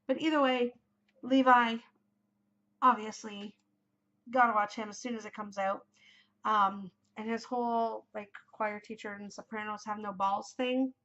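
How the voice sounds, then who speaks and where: A woman in her forties chats away on her knitting podcast. She gushes and rambles with plenty of fillers, in a slightly high voice. The recording sounds dull and lo-fi. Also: steady tone, unhurried, a bit bright. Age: 40s. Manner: gushing, chatty, rambling with many fillers. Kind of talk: casual chat.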